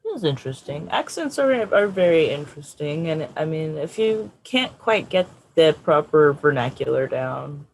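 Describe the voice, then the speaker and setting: A woman co-hosting a podcast, chatting casually in a thoughtful, measured way. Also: sits low, sing-song, gravelly, darkish tone, a little hiss or hum, low-quality recording. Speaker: podcast co-host. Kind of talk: casual chat.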